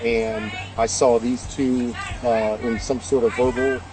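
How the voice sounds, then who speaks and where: Flat-voiced male witness. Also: mid-range voice, a faint crowd. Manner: halting, with fillers. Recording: noisy street audio.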